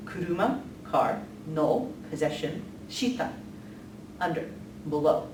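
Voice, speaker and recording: Woman explaining stuff casually, lowish voice, lots of ums, roomy echo from a bit far off. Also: takes it slowly, pauses often. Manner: chatty, many ums, laughs lightly. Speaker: language teacher. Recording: echoey room from a distance, faint noise.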